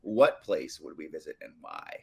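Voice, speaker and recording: A man's voice: extremely low pitch, wildly swooping pitch, normal speed, vocal fry, warm tone, breathy edge. A man, an actor, chatting casually about his film, joking and self-deprecating. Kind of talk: casual promotional chat.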